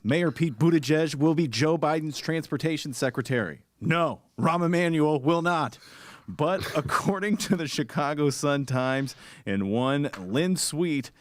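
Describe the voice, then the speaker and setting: A man's voice: fairly high pitch, animated, moderate pace, no echo. Dry teasing male co-host. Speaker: show producer and co-host. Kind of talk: casual talk.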